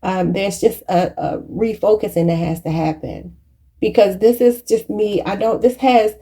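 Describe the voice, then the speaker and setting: A woman's voice: medium pitch, steady tone, normal speed, dark tone, breathy edge. A woman giving a channeled tarot reading, emotional and preachy, choked up and near tears, calling her viewers y'all. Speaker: tarot reader.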